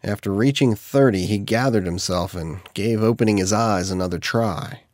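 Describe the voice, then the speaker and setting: A man reading an audiobook in steady, measured scripted narration. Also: lowish voice, dry recording, studio quality.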